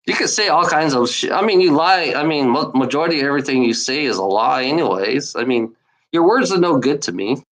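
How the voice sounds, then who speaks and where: This man livestreams by himself, his medium-pitched voice lively in intonation, a little fast, and fairly bright, though the audio is poor. Scornful and swearing, he rambles on at his chat trolls, answering them back and saying the same things over and over.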